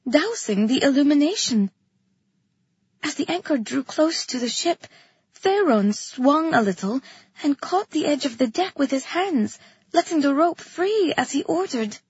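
A woman's voice: sits high, animated, unhurried, a little mellow, dry recording, highs cut off. A woman narrating a first-person fantasy story expressively, as in an audiobook.

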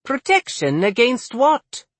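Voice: mid-range voice, wildly swooping pitch, takes it slowly, dry recording, voice pushed up, heavily acted. A narrator voicing a determined young noblewoman guardian who questions insistently.

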